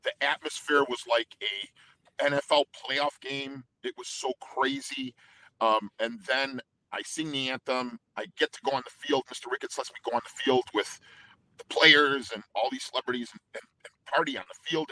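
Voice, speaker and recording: A man's voice: medium pitch, moderate pace, pushed and bright, dry recording, poor audio. A man, a singer being interviewed, talking openly and emotionally in rambling sentences with many restarts. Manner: emotional, rambling with restarts and quoted inner dialogue. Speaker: guest, anthem singer. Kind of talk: candid interview storytelling.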